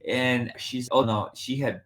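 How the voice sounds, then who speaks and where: A man's voice: medium pitch, unhurried. A man hosting a podcast, telling a casual story with lots of laughing and acted-out quotes. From United States. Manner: animated, laughing, acts out quoted voices. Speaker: podcast host. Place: Spokane, Washington.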